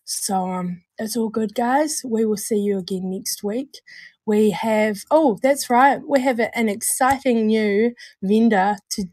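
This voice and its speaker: A woman with a New Zealand accent, co-hosting a show in casual chat, hoarse and unwell, rambling and laughing as she stumbles over words. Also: fairly high pitch, unhurried, a little mellow, no echo. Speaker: co-host of a vaping show.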